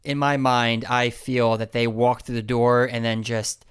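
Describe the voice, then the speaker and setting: A man's voice: mid-range voice, little pitch movement, a little slow, clear, resonant tone. A man co-hosting a podcast, retelling a sitcom scene in careful detail in a casual chat. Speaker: podcast co-host.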